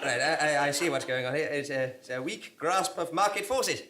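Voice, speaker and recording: A man's voice: fairly high pitch, normal speed, heavy background noise, close to an everyday voice. A man voicing a pompous, long-winded town bureaucrat who lectures with long words.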